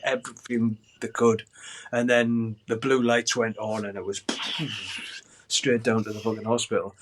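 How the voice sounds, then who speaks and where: Animated older man telling a story. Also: mid-range voice. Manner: animated, swearing, acts out shouted quotes. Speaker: guest musician. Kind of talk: storytelling in a podcast interview.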